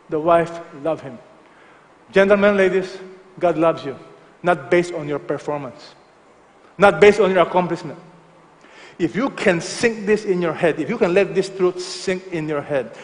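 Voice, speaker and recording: A male pastor preaching a sermon emphatically, dropping to soft, low tones for effect. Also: a little slow, pauses often, long reverb tail.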